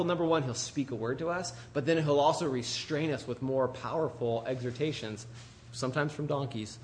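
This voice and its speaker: A man preaching a conversational sermon in an animated, chatty way, full of asides to the congregation. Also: a little high, a little hiss or hum.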